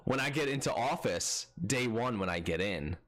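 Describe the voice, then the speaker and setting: A man's voice: medium pitch, sing-song, measured pace, a bit bright. A man co-hosting a podcast in casual chat, playful and riffing on silly jokes. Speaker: podcast co-host.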